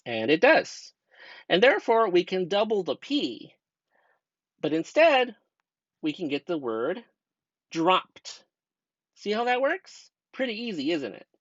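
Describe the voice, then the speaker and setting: A man's voice: high voice, sing-song, takes it slowly, long pauses, fairly bright tone, dry recording. A young man from the United States, a student teacher narrating a grammar lesson in a patient, step-by-step way and asking the class rhetorical questions. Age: young adult. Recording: dull dry lo-fi voice-over.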